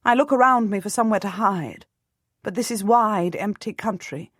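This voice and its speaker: Female narrator for a historical novel, steady storytelling, dry booth sound. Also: mid-range voice, moderate pace, no room sound. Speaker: audiobook narrator. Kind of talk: first-person scripted narration of a historical novel.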